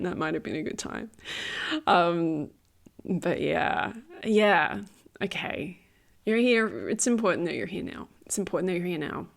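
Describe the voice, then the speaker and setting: A woman's voice: lowish voice, gravelly. A woman giving a casual spiritual tarot reading. She is chatty, laughs often, uses many fillers and repeats phrases for emphasis. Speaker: tarot reader.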